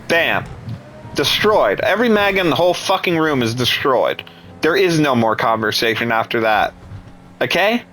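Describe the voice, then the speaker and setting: A man's voice: mid-range voice, expressive, moderate pace, fairly bright tone, slight background noise, poor audio. Scornful ranting man. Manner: scornful, profane, mocking. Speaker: commentator. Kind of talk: angry political rant.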